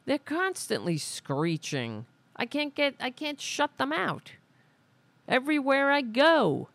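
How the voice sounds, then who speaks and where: A woman's voice: medium pitch, very animated, unhurried, vocal fry, a bit bright, dry recording. A woman hosting a podcast, ranting in exasperated, sarcastic, profane political commentary into a studio microphone. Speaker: podcast host.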